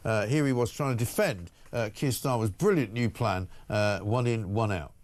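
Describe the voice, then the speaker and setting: A man hosting talk radio, brisk and combative, arguing with guests. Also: on the low side, darkish tone. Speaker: breakfast radio host.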